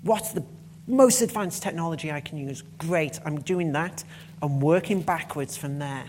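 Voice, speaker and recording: A woman's voice: low voice, normal speed, darkish tone, a little hiss or hum. A woman giving a conference talk, passionate and emphatic, with blunt swearing when annoyed. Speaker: conference speaker.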